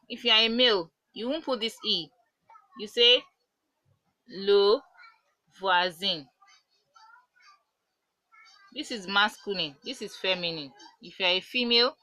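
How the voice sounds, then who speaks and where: A woman teaching a beginner French lesson, patiently repeating words slowly to show the pronunciation. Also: medium pitch, bright, forceful tone, no room sound, poor audio. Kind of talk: online language lesson.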